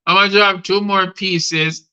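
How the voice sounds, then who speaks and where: Host, middle-aged man, crisp bright voice, performs rhyming poems live. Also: high voice, fairly even intonation, slow, lo-fi sound. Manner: rhythmic spoken-word delivery, addressing guests by name. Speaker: host and poet. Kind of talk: reciting rhyming poetry on a live show.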